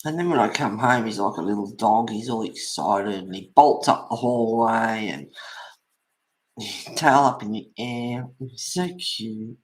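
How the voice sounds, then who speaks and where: A man's voice: fairly low pitch, measured pace. A man hosting a colouring stream from home, telling rambling stories with frequent laughs. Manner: rambling storyteller, laughs often. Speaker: colouring channel host. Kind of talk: casual chat while colouring.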